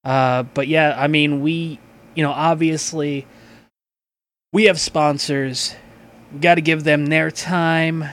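A man hosting a podcast, chatting casually and reading sponsor spots in a loose, profane, excitable way. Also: on the high side, takes it slowly. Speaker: podcast host.

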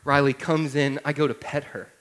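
A man's voice: a little high, level tone, normal speed, fairly bright tone. A man in his thirties, a pastor preaching a sermon through a humorous personal story, talking to the listeners directly in a conversational way.

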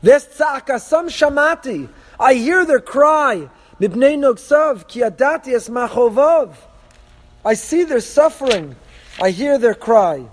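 High-voiced man teaching in a hall. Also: lively intonation, unhurried. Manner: emphatic, poses rhetorical questions; reads source texts aloud then translates them. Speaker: Torah teacher. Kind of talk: text-study lecture. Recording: long hall reverb.

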